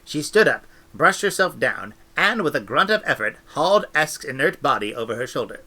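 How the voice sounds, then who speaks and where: Bright-voiced man reading a story. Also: medium pitch, moderate pace. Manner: expressive, animated storytelling. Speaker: audiobook reader. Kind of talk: reading a novel aloud with asides.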